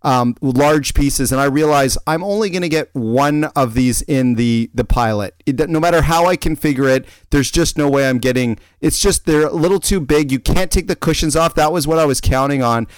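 A man in casual chat, telling a rambling personal story in an animated way, with many restarts. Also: a little high, moderate pace, hardly any pauses, clear, resonant tone, no echo.

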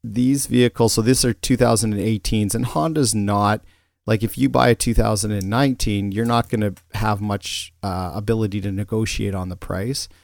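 A man's voice: lowish voice, fairly even intonation, normal speed, creaky, a little mellow, no echo. A man co-hosting a podcast in casual chat, rambling with many restarts and fillers. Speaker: podcast co-host.

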